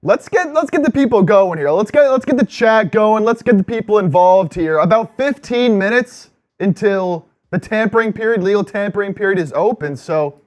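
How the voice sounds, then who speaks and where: A man's voice: sits high, animated, normal speed, few pauses. A man co-hosting a live sports stream, casually urging viewers to join the chat. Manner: hypes up the chat, repeats himself. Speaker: co-host.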